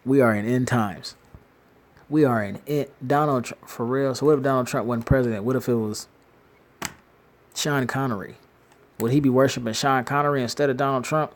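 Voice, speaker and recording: A man talking casually and in a rambling way, animated and slangy, laughing often and restarting his sentences. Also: mid-range voice, normal speed. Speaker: commentator. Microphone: phone screen-recorder app.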